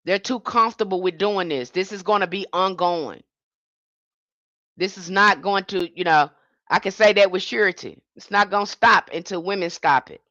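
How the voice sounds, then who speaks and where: Impassioned woman, bright voice. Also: medium pitch, normal speed, no echo, lo-fi sound. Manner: emphatic, indignant, with frequent restarts. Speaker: livestream host. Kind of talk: impassioned livestream monologue.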